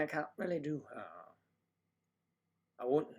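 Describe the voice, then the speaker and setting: A man's voice: medium pitch, normal speed. A man hosting a casual livestream, chatting to viewers in a playful, rambling way with teasing asides. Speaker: livestream host.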